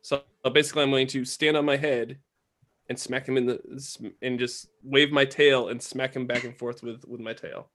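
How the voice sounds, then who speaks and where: A man playing a tabletop game, talking in a halting way with many fillers. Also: mid-range voice, level tone, a bit bright. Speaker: player.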